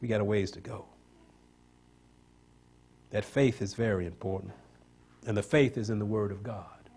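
A pastor preaches a sermon, building each point into emphatic, rising climaxes and drawing call-and-response from the congregation. His fairly low voice is darkish and steady at normal speed, with a little hiss or hum in the recording.

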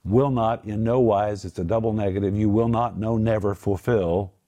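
A middle-aged man leads a Bible teaching session as host. His voice sits on the low side. He preaches with earnest emphasis and explains word meanings slowly and patiently. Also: steady tone, warm tone. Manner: earnest, emphatic preaching that moves into spoken prayer. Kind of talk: Bible teaching in a studio group discussion.

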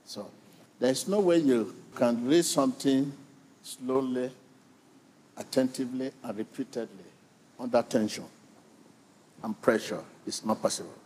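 Slow, deliberate preaching man. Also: medium pitch, a little mellow, breathy edge. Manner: slow, deliberate preaching with rhythmic repetition and call-and-response. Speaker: pastor. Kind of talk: sermon.

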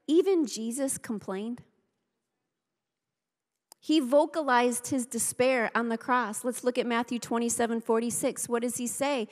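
A woman pastor preaching a sermon, emphatic, repeating key phrases and speaking straight to her congregation. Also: high voice. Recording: long reverb of a large hall.

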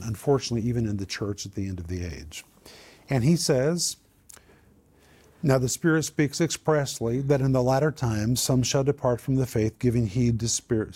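A man's voice: medium pitch, dark tone, breathy edge. An older man and co-host teaching the Bible in a conversational way, stressing key words by repeating them.

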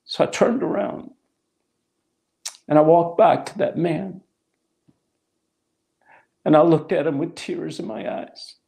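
A man's voice: fairly high pitch, takes it slowly, gravelly, long pauses, mellow. A middle-aged man preaching a sermon, telling a personal testimony with emphatic repetition. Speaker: pastor.

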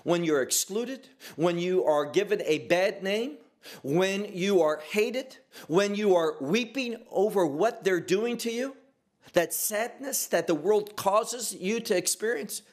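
Slow, animated male preacher. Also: high voice. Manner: emphatic, rhetorical questions, drawn-out stresses. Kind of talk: sermon.

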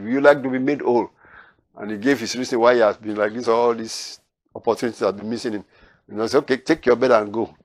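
A man preaching verse by verse through a Bible passage, acting out the people in the story and growing loud on key lines. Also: medium pitch, no room sound. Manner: animated, acts out quoted voices with rising loudness. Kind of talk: Bible teaching.

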